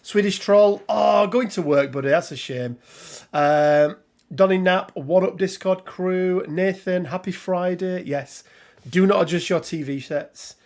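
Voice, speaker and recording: Brief: rambling middle-aged English man, slightly high voice, live-stream host. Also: unhurried, a little mellow. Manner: chatty, rambling, reads out viewer names. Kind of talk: casual live-stream chat.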